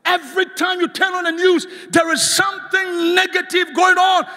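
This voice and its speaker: Guy preaching hard, real high piercing voice, long church hall echo. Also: flat delivery, normal speed. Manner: impassioned, shouted calls for the congregation to respond. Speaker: guest preacher. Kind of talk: sermon. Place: church sanctuary.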